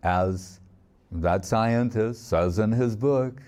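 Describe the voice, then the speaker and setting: A man giving a spiritual sermon, telling stories in a reflective, unhurried way and reciting verses. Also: on the low side, darkish tone, smooth. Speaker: swami giving a spiritual talk.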